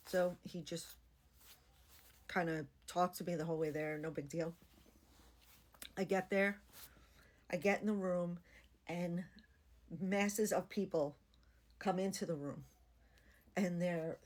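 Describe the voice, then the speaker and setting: A woman's voice: fairly low pitch, darkish tone. A woman telling a personal story in a candid, blunt and wry casual way. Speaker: storyteller recounting her own experience.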